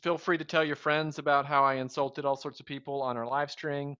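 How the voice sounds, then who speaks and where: A man's voice: fairly high pitch, flat delivery, a little fast, pushed and bright, smooth, dull audio. A man in his thirties from the Southern US, co-hosting a live stream in a wry, rambling, joking way. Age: 30s. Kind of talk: casual live stream chat.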